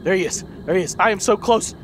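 Young male gamer, high voice, lively and panicky, swears and repeats himself over noisy game audio. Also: fast. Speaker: gaming video host. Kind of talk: let's play commentary.

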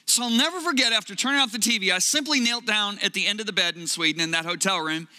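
A man preaching a sermon, telling a personal story in an earnest, emphatic way with drawn-out pauses. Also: high voice, sharp tone.

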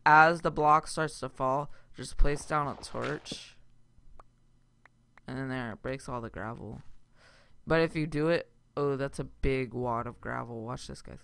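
A man hosting a gaming channel, rambling through casual let's-play commentary with sudden loud outbursts. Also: medium pitch, unhurried, vocal fry, clean tone.

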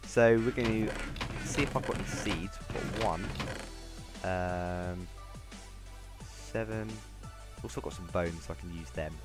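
This man's gameplay commentary is casual and meandering, mostly him talking to himself as he plays. His voice is low-pitched and unhurried, with frequent pauses, and game music runs beneath it.

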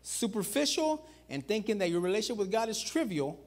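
A male pastor delivers an animated sermon at a brisk pace, calling out to his congregation. He swings between loud exclamations and low, quiet emphasis, repeating "watch this" and "guys."

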